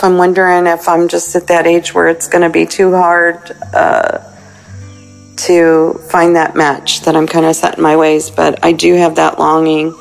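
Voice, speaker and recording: A woman in her sixties calling in to a prayer line, earnest and halting as she prays aloud. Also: fairly low pitch, little pitch movement, vocal fry, soft background music, rough recording. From United States. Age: 60s. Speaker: caller. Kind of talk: recorded prayer call-in message.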